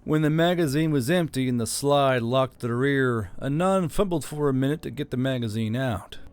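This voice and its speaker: A man's voice: medium pitch, moderate pace, smooth. Man narrating a story.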